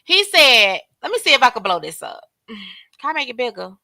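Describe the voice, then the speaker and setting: A woman's voice: on the high side, big pitch swings, moderate pace, gravelly, pushed and bright, dry recording. A woman hosting a casual livestream commentary, talking straight to her viewers and calling out chat names. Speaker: livestream host.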